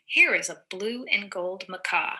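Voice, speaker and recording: A woman teacher reading a picture book aloud to young children, slowly and encouragingly, stopping to explain words simply. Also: medium pitch, animated, bright, forceful tone.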